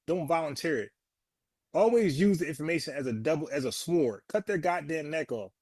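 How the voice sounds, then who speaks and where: A man's voice: on the high side, expressive, fairly quick, darkish tone, dry recording. A man, giving blunt, scornful commentary on a video and laughing often. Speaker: commentator reacting to a protest video. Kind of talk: casual mocking commentary.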